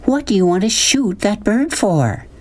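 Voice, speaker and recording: A man reading an audiobook, voicing a mother who speaks softly and reproachfully. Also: high-pitched, sing-song, measured pace, pitched above the performer's own voice, exaggerated voice.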